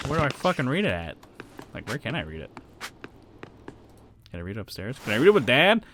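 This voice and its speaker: A male game streamer talking to himself as he plays, swearing freely and breaking into chuckles. His pitch jumps around a lot. A faint background hiss is present. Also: wildly swooping pitch, fairly quick, long pauses. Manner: profane, chuckling, thinking aloud. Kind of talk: casual gameplay commentary.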